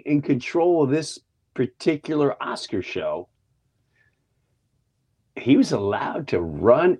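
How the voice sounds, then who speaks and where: A slightly high, somewhat mellow, husky male voice belongs to a co-host of a casual talk show. He chats animatedly about conspiracies and mimics other people's voices.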